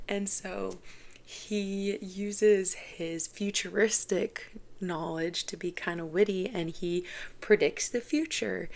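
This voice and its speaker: Chatty, low, gravelly-voiced woman. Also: slight background noise. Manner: chatty, lots of "like" fillers. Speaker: book vlogger. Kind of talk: casual chat.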